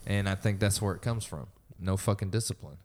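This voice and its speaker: A man's voice: low-pitched, fairly quick, darkish tone, slight background noise. A young man in casual chat, blunt and ranting, swearing heavily.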